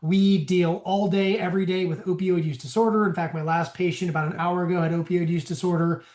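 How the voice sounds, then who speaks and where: A man's voice: high voice, level tone, fairly quick, darkish tone. Man giving a casual bantering lecture. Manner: conversational, bantering. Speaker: physician presenter. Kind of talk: casual continuing-education lecture. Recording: echoey room.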